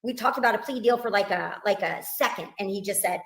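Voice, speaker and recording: A woman's voice: mid-range voice, fast, hardly any pauses, fairly bright tone. Grieving mother, earnest and upset, echoey interview audio. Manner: earnest, upset, retelling in detail. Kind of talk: emotional interview recounting events. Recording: roomy played-back interview clip.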